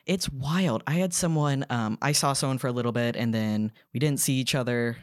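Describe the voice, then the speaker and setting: A woman's voice: rumbling low, a little fast, no echo. Candid trans woman on a dry podcast mic. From American South. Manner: candid, animated when retelling exchanges. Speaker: podcast guest. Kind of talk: casual podcast conversation.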